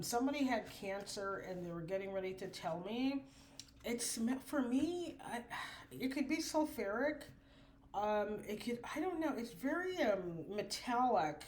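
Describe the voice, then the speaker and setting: A woman giving a spiritual oracle card reading, drawn-out and preachy, full of affirmations. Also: medium pitch, a little mellow.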